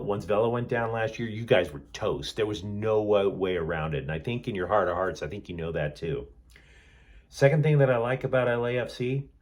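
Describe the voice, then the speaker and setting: A man's voice: low-pitched, a little mellow. A man hosting a sports channel, talking in a sarcastic, rambling monologue from a hotel room. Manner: sarcastic, rambling, sardonic asides. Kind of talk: snarky sports commentary monologue.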